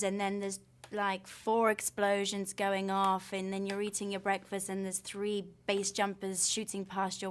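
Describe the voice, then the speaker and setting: Enthusiastic actress in a press interview. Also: female voice, medium pitch. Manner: enthusiastic, gushing storytelling.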